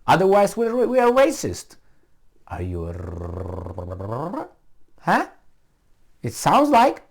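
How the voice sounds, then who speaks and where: A man's voice: high-pitched, a little mellow. A man giving a heated, sarcastic running commentary, mocking and arguing with the people he talks about. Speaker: political commentator. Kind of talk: ranting video commentary.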